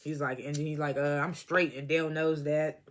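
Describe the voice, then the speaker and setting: A man's voice: a little high, level tone, moderate pace, fairly bright tone. A man casually recapping a TV episode, laughing often and acting out the characters' lines, and he says he is stoned. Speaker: TV episode reviewer.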